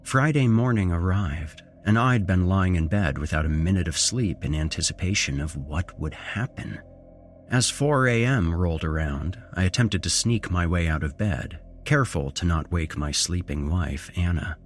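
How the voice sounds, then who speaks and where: A man narrating a first-person horror story as a podcast host, with measured pacing and dramatic shifts in intonation. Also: sits low, faint music behind.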